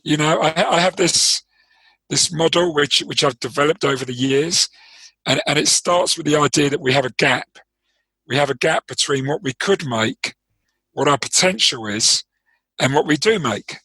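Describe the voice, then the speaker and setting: London-accented coach, bright and slightly husky, explains at length and often restarts his sentences. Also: fairly high pitch, normal speed, no echo, poor audio. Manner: thoughtful, explanatory, with frequent restarts and repeated words. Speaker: trading performance coach, interview guest. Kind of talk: interview conversation.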